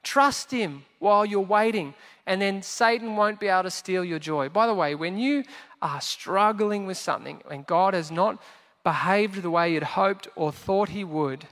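High-voiced pastor preaching in a hall. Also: male voice, unhurried. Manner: animated, jokey preaching with acted-out quotes. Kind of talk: sermon. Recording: long church hall reverb.

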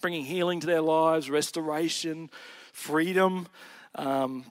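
A man's voice: fairly high pitch, steady tone, measured pace, no room sound. A male pastor delivering a sermon, telling a story earnestly, his voice swelling and dropping.

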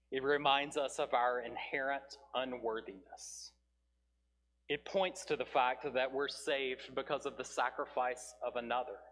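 A male pastor preaching a sermon, reading scripture with rising intensity and dropping to slow, quiet appeals. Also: medium pitch. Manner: earnest, builds volume on scripture then drops soft and slow. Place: church sanctuary. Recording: reverberant hall.

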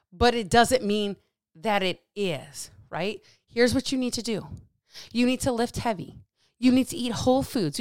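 A woman with a fairly high voice hosts a solo coaching podcast, recorded at studio quality with no room sound. She's blunt and fired up, swearing plenty and gesturing animatedly with her hands.

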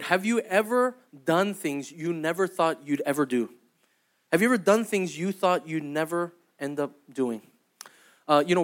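A young adult man preaching a sermon as pastor, in a conversational, storytelling way that keeps checking in with "right?" and "okay?". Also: on the high side. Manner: acts out quoted voices in anecdotes.

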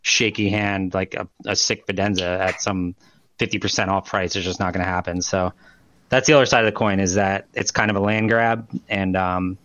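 Casual, fast-rambling man, low and dry. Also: fairly even intonation, fairly bright tone, no room sound. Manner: loose, rambling, swears and laughs often. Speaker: podcast co-host. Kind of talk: casual chat.

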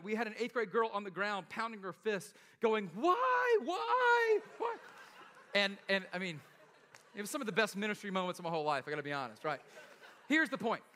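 A man's voice: high voice, pushed and bright, big-room sound. A man preaching a sermon in a casual, joking storytelling way, often laughing and checking in with "right?". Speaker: pastor.

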